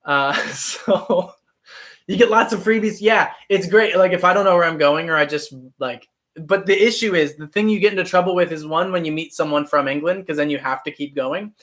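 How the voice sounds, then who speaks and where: A man's voice: high-pitched, moderate pace, fairly bright tone. A man in his twenties, an actor and channel host, chatting casually on a live stream and answering viewer comments. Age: 20s.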